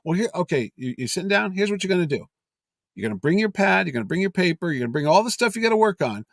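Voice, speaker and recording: A man doing a gruff, bossy older comic artist. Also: sits high, big pitch swings, quick pace, no room sound, clean studio sound, pitched above the performer's own voice, heavily acted. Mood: commanding. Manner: bossy, blunt, laying down orders. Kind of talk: acted quote in a podcast story.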